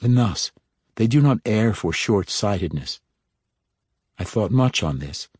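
A cool, composed young dark elf woman, as a male narrator puts her on, speaking with calm poise. The voice stays low, with a dry, close audiobook sound. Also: measured pace, husky, no room sound. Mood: poised.

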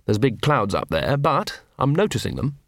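A man's voice: mid-range voice, huge pitch swings, moderate pace, creaky, fairly bright tone, no room sound. A man narrating an audiobook in a dry, wry storytelling manner.

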